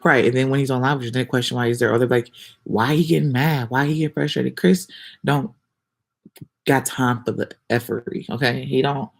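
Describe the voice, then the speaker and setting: Woman livestreamer with a gravelly edge, answering viewers defensively in casual slang. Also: extremely low pitch, fairly even intonation, moderate pace. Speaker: livestreamer reading comments.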